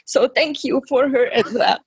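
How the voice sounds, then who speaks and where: A high-voiced woman speaks haltingly over a video call, close to tears. She searches for words as she talks, and her voice sounds dry and close-miked. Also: husky, dry recording. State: emotional, near tears. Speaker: audience member.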